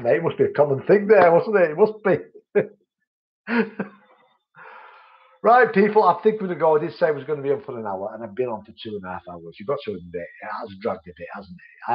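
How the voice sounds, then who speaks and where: Male stream host, chatty and friendly, mid pitch, muffled low-fi sound. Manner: chatty, friendly, calls viewers mate. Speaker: vaping channel host. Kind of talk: live-stream chat reading viewer comments.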